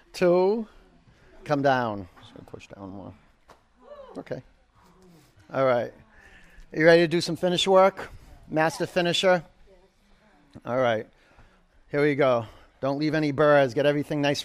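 A man's voice: on the high side, smooth. A man leading a live yoga class, calling poses, counting down holds and encouraging students. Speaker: yoga instructor.

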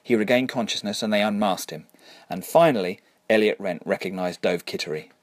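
A man narrating a story in a dry, wry, measured way. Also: lowish voice, dry recording. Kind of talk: scripted narration.

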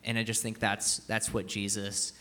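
Man, very bright timbre, casual sermon storyteller, rambling and heartfelt. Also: lowish voice, completely flat delivery, moderate pace. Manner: rambling, full of fillers and restarts; earnest and moved. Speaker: speaker sharing a film story.

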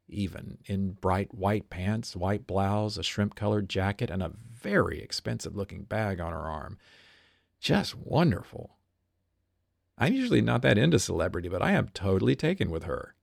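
A man with a low, gravelly voice reads his own diary aloud, wry and observant, and drops in small asides. The recording is close and completely dry. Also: dry recording. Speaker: stage performer and diarist.

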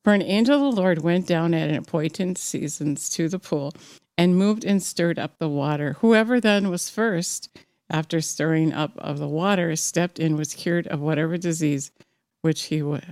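A woman's voice: sits low, normal speed, darkish tone, no echo. A woman giving a fervent personal sermon, exhorting her listeners and reading scripture aloud with some slips. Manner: fervent, exhorting, rising to emphatic peaks. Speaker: preacher.

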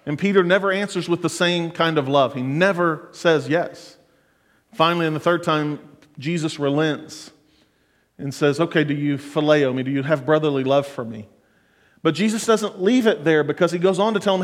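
A man's voice: fairly high pitch, normal speed. A middle-aged man preaching a sermon as pastor, earnest and building to fervent exhortation. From United States. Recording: long hall reverb.

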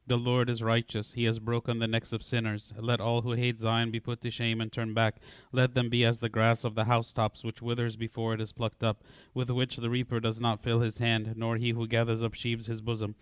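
Man reading church prayers, smooth voice, dead flat delivery, dry close sound. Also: mid-range voice, a little fast, no echo. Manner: steady recitation in a flat monotone. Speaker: prayer leader.

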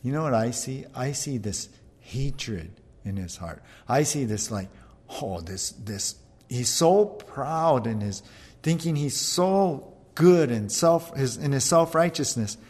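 A male pastor preaching in a relaxed, conversational way, often pausing to check in with the listeners. His voice sits at an ordinary middle pitch. The sound carries a long reverb, as in a large church hall. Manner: conversational, animated, keeps asking "right?". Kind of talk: sermon.

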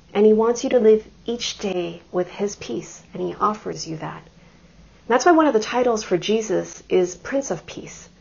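Brief: middle-aged woman preacher, husky, sermon with humorous personal anecdotes, slightly muffled recording. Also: medium pitch. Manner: warm storytelling with self-deprecating humor and laughter.

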